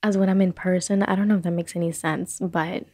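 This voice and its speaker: A young woman hosting a casual solo podcast from her bedroom, rambling and self-deprecating, talking fast. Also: lowish voice, steady tone, warm tone, no echo. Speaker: podcast host. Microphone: desk microphone on a short stand.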